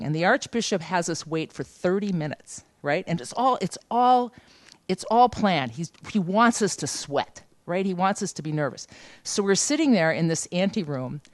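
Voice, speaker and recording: A woman leading a journalism seminar, telling a lively anecdote and acting out the voices of the people in it. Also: fairly low pitch, no room sound. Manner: lively anecdotal, acts out quoted dialogue. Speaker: journalism trainer. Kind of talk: storytelling seminar talk. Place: seminar room.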